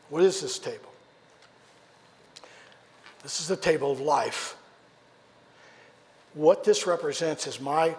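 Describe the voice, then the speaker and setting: A man delivers a sermon in a church, his voice sitting a little high for a man. He tells a personal story with animated shifts from loud to hushed. A long reverb from the hall trails each phrase. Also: slight background noise. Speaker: preacher. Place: church sanctuary.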